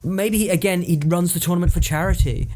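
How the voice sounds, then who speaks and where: Guy, kinda high voice, stumbles and restarts a lot while pitching ideas. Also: a little fast, mellow. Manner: hesitant, many restarts and fillers. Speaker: podcast co-host. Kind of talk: casual brainstorming chat.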